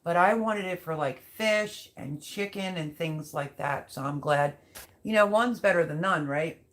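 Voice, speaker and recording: Speaking at a measured pace, a woman with a lowish, slightly bright voice runs a livestream, chatting and rambling directly to viewers as she reads their messages.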